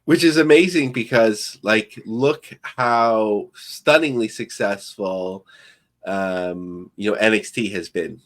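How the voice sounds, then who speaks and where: A man's voice: on the low side, slow. A man co-hosting a podcast, talking through business news in a loose, rambling way with many fillers. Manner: rambling, filler-heavy and thinking aloud. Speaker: podcast co-host. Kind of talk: casual podcast commentary.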